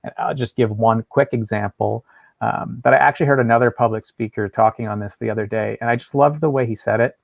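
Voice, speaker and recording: A man's voice: medium pitch, steady tone, fast talker, vocal fry, no echo. A man speaking as a guest in an interview, earnest and thoughtful, telling stories to make his points. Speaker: guest educator. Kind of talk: casual conversational interview.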